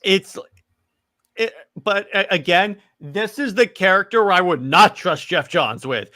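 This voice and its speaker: A man co-hosting a podcast, talking excitedly in casual chat, rambling with lots of restarts and stammers. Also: sits high, measured pace. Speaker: podcast co-host.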